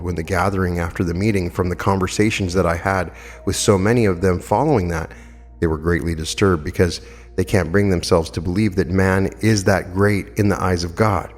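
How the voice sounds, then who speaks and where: A man in his fifties with a very low voice delivers a spiritual lecture, earnest and emphatic, leaning on stories and rhetorical questions. The archival recording carries a long hall reverb, with faint music underneath. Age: 50s. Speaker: metaphysical lecturer.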